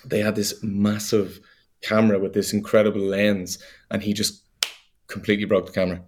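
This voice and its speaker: An Irish man, a young adult actor, chatting as a guest in an interview, animated and full of fillers and laughs. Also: fairly low pitch, a little fast, a little hiss or hum. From Ireland. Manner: animated storyteller, laughs easily, many fillers. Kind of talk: casual interview chat.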